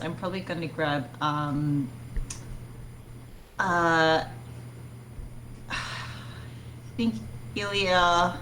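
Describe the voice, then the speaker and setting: A woman's voice: on the low side, fairly bright tone, slight background noise. A woman playing a tabletop game, hesitant and casual. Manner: hesitant, breaks into character voice. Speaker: player. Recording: echoey room.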